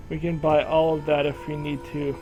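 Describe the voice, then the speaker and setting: A man's voice: a little high, monotone, normal speed, mellow, faint music behind, rough recording. A man casually commentating a strategy game, thinking aloud and talking to the game's regions as if they were people. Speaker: gameplay commentator.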